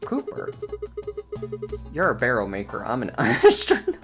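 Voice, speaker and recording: A woman's voice: a bass voice, wildly swooping pitch, brisk, over music. A woman live-streaming a game, chatty and giggly, greeting her viewers eagerly.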